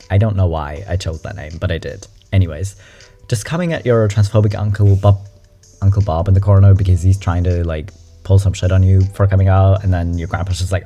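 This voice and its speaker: A young adult nonbinary vlogger reacting to memes in a chatty, frank, animated way, swearing casually. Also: sits low, fairly quick, faint music behind. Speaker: meme reaction host. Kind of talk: casual meme commentary.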